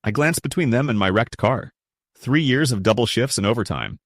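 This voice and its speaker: A man's voice: medium pitch, lively intonation, a little fast, dry recording, studio quality. A young adult man narrating a first-person family story in a blunt, resentful tone.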